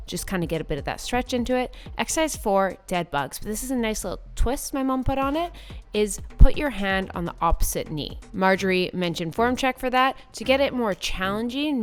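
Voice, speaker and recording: A young woman talks through her fitness routine in a breezy, chatty vlog voice at a middling pitch. She keeps it casual and loose, dropping plenty of "like" fillers, over faint background music. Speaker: fitness vlogger. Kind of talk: casual workout vlog narration.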